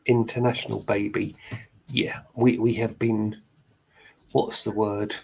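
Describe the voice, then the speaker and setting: A man's voice: lowish voice, level tone, a little slow, gravelly, darkish tone, husky, rough recording. A middle-aged man co-hosting a casual chat, cracking dry puns. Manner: dry punning humor. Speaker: podcast co-host.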